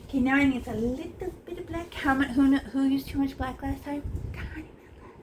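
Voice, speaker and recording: A woman's voice: sits high, fairly quick, slight background noise, rough recording. A woman teaching a casual painting lesson, playful and chatty, tossing in silly sound effects as she works in a small art room.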